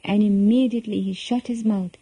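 A woman reading a children's story aloud in a gentle, expressive storytelling manner. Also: mid-range voice, a little fast, breathy edge, no room sound, rough recording.

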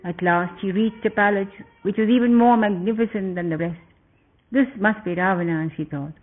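A man narrating a story in a steady, descriptive reading with occasional slips, over a tinny phone-like recording. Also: high-pitched, fairly quick.

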